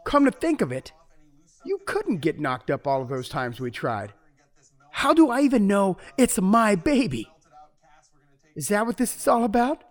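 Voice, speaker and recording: An actor playing a troubled male prisoner who swings between angry outbursts and regretful narration, with a slightly husky voice. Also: high voice, very animated, unhurried, pauses often, dry recording. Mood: volatile. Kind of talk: audio drama with first-person narration.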